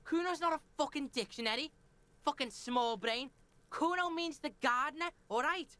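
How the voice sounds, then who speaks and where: A foul-mouthed game street kid, put on by a man, with a high, sharp Scouse voice. He talks about himself in the third person and sneers at everyone. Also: normal speed, dry recording. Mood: hostile. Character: foul-mouthed street boy, cocky and hostile. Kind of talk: live game voice-over.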